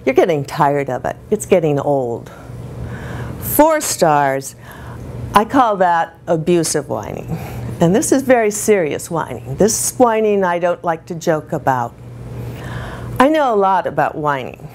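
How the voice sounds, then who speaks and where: A woman's voice: lowish voice, very animated, measured pace, a little mellow, a little hiss or hum. A woman over sixty giving a comic talk to a live audience, telling self-mocking stories and laughing along. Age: older. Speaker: speaker performing a comic character talk.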